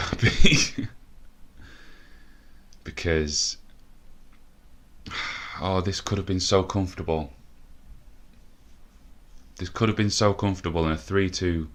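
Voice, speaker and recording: Low-voiced man swearing at his game. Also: a bit bright. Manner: frustrated, swearing, thinking aloud. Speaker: gaming video host. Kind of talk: let's play commentary.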